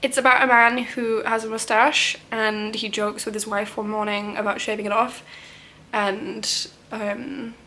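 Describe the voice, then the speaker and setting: A woman's voice: a little high, level tone, unhurried, sharp tone, a little hiss or hum. Chatty young woman with filler words. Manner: rambling, many "um" and "like" fillers. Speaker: book vlogger. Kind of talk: casual chat about reading plans.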